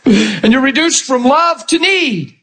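A man with a high voice delivers a lively sermon as a pastor. He is animated and theatrical, slipping into quick impressions to make his point. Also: poor audio. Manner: animated, acts out quoted voices.

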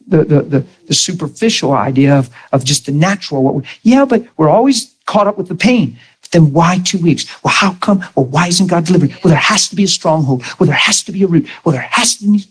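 A man preaching a sermon, telling his own story, dropping to a hush and then raising his voice to drive a point home. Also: a little high, husky. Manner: testimony swinging from hushed to raised voice.

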